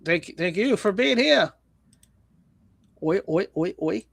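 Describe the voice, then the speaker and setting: A man's voice: high voice, expressive, slow, creaky, fairly bright tone, no room sound. A man hosting a livestream, reading viewer comments and news aloud with sarcastic jokes. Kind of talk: casual news roast chat.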